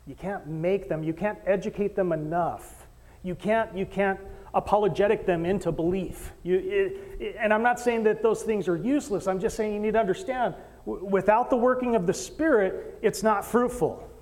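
A man preaching a sermon as pastor, animated storyteller who acts out voices and jokes with the congregation. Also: high-pitched, normal speed, big-room sound. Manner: animated storytelling, acting out quoted voices, joking with the crowd. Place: church stage in a hall.

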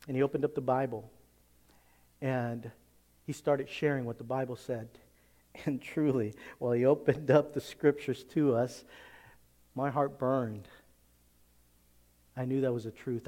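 A man preaching a sermon as pastor, emphatic, moving between hushed asides and loud, excited passages. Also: mid-range voice. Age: adult, teenage years long past.

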